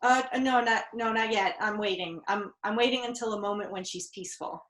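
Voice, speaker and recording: A woman's voice: mid-range voice, fairly quick, a bit bright, echoey room, close to an everyday voice. A woman reading a flustered, stammering caller. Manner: hesitant, stammering.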